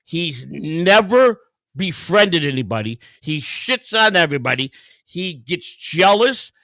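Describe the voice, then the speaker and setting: A man's voice: a little high, very animated, measured pace, bright, forceful tone, no echo. Fired-up swearing man ranting. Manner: profane, fired-up storytelling with quoted dialogue. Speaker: host. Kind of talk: heated livestream rant.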